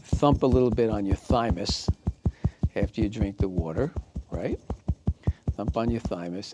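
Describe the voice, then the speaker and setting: A man teaching a recorded class, walking listeners through steps calmly and checking in with "okay?" and "right?". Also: on the low side. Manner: calm step-by-step guidance, often checking in with "okay?" and "right?". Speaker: instructor.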